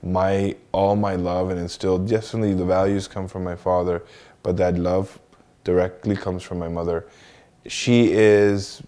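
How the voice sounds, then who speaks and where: A man with a very low voice speaks in a flat, even tone in a documentary interview. His delivery is reverent and measured. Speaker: interviewee, son of the subject.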